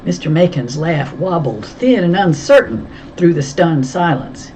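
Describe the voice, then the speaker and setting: A woman reading a first-person novel aloud, in an even, tense storytelling manner. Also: sits low, measured pace, a little hiss or hum. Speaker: audiobook reader.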